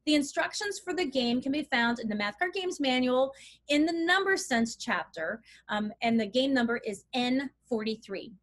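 A woman's voice: high voice, lively intonation, normal speed. Encouraging woman teaching math to parents. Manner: clear, encouraging, explains step by step while handling an abacus. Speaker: math curriculum instructor. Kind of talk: instructional walkthrough for parents.

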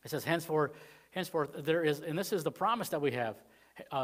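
Rambling, fairly high-voiced man preaching. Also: a little fast. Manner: rambling, conversational, frequent "you know" fillers; swings between loud emphatic points and quiet asides. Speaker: pastor. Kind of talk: Wednesday sermon. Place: church.

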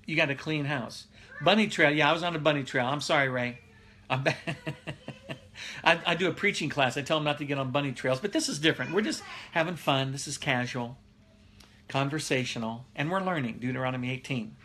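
Middle-aged male pastor, slightly high and bright voice, loose conversational preaching that keeps breaking into chuckles. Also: brisk, a little hiss or hum. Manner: laughs often, reads viewer comments aloud. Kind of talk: casual live-streamed Bible teaching.

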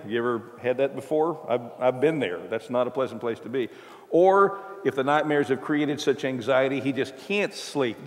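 A male preacher giving a sermon in a church, telling the story conversationally with touches of humor. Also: medium pitch. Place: church sanctuary. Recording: reverberant church hall.

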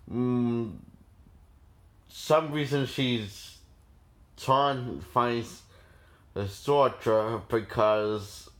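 A man casually reviewing a horror film, rambling with many restarts and frequent laughs. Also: medium pitch.

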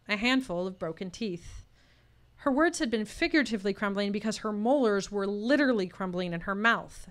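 A woman telling a personal story at a live storytelling showcase, voicing the people in it as she goes. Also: mid-range voice. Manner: personal story told with tense quoted dialogue.

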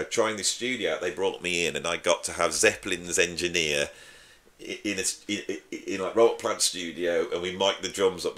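A man's voice: low-pitched, a bit bright. A man, a drummer hosting his own channel, talking casually and opinionatedly to camera with a joking edge. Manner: chatty, opinionated, jokey. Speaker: YouTube host and drummer.

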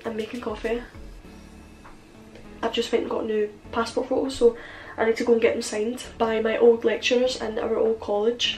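A young woman talks to a handheld phone camera in a relaxed vlog, her voice high and congested as if she is ill. She is chatty and giggly, swearing casually as she runs through her plans, with music playing faintly behind her. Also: echoey room, rough recording. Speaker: vlogger, one of twin sisters.

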